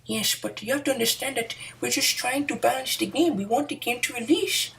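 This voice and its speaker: A woman's voice: a little high, a little fast, creaky, fairly bright tone, distant mic, voice pushed up. A woman putting on the voice of a smug, scheming male game-company spokesman, giggling as he makes excuses.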